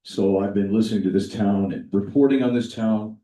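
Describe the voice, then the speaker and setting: Dark-voiced middle-aged man in an echoey hall. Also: fairly low pitch, fairly quick, distant mic. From Washington State. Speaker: candidate at a townhall. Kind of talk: prepared campaign speech. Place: public meeting hall.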